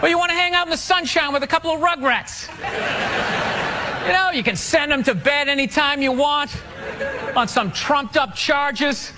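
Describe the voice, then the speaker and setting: A male stand-up comedian ranting through his routine, often bursting into shouts, on a club stage with a handheld mic. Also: very high-pitched, brisk, over a noisy crowd. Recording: noisy live club recording. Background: audience laughter.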